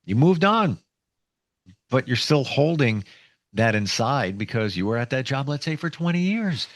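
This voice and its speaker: A man's voice: medium pitch, very animated, unhurried, no echo, clean studio sound. A man hosting a podcast interview, reflective and asking questions, often murmuring agreement as the guest talks. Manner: reflective, asks questions, frequent affirming murmurs. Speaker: podcast host.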